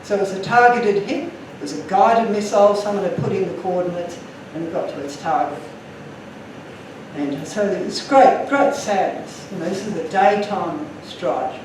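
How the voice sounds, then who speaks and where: A man's voice: high-pitched, moderate pace, very echoey, recorded from a distance, slight background noise, low-quality recording. A man giving an earnest, emotional talk to an audience, telling stories from his slides. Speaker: guest speaker.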